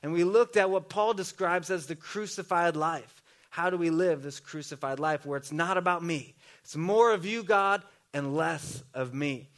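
High-voiced man preaching casually. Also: moderate pace. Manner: conversational, joking asides. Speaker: pastor. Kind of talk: sermon.

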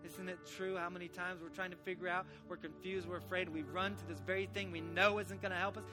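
A man's voice: high-pitched, little pitch movement, fast talker, music in the background. A man preaching a sermon, telling a Bible story animatedly and voicing its characters.

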